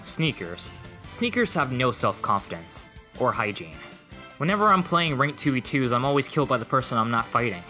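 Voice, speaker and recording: A young man giving deadpan, mocking commentary over gameplay clips. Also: mid-range voice. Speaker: gaming video creator. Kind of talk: sarcastic gaming commentary. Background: faint music.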